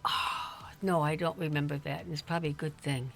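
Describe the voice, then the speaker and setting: A middle-aged woman, a mother chatting casually on a livestream, halting and often restarting her sentences. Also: low-pitched, steady tone, vocal fry, fairly bright tone, faint music behind. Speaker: streamer's mother, guest. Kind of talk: casual family chat on a livestream.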